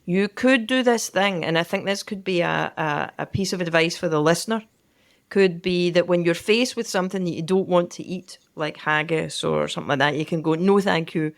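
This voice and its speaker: A woman's voice: lowish voice, a little fast, vocal fry. A woman co-hosting a podcast, teasing her partner in playful, bossy banter. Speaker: podcast co-host. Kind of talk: casual chat.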